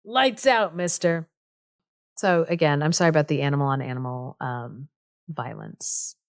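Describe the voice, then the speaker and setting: A chatty woman co-hosting a podcast, telling a folk tale with frequent giggles and casual fillers. Her voice sits at a middle pitch and sounds smooth and clear. The sound is dry and close. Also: moderate pace, dry recording. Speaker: podcast co-host. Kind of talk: casual storytelling chat.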